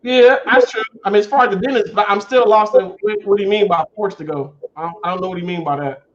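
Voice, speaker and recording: Laid-back high-voiced man hosting a livestream. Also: fast talker. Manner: loose, laughing, greets viewers by name. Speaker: livestream host. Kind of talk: casual livestream chat. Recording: dull lo-fi stream audio.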